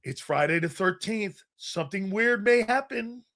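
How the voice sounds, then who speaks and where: On a live sports talk show, an excitable male host speaks in a high, bright, cutting voice. He's loud and profane, telling stories in rapid bursts full of restarts and shouting whenever something gets him worked up.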